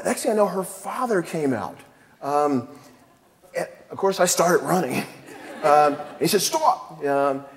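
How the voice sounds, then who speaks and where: A man in his fifties, a commanding general, giving a keynote speech on a theatre stage and telling self-deprecating personal stories with frequent chuckles. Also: on the high side. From El Paso, Texas. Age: 50s. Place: theatre stage before an audience. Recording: long theatre reverb.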